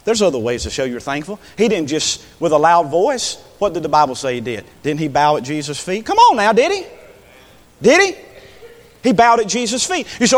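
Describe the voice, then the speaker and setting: A man preaching a sermon from the pulpit, swinging from low, quiet talk to high, impassioned shouts. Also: lively intonation, a little fast, in a large hall. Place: church sanctuary.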